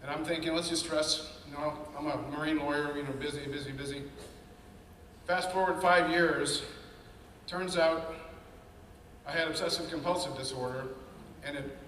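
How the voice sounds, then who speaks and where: A man's voice: a little high, fairly quick, recorded from a distance. Casual talk, man in his 50s, chatty speaker voice, echoey hall with a faint hiss. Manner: conversational, animated storyteller. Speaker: panel speaker. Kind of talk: personal storytelling talk.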